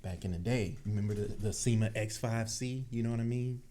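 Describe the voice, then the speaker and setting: A deep, bassy, mellow low voice belongs to a tech host from Cleveland, Ohio, chatting a little fast on a casual livestream. He's laid-back and laughs a lot, and his desk microphone catches slight background noise.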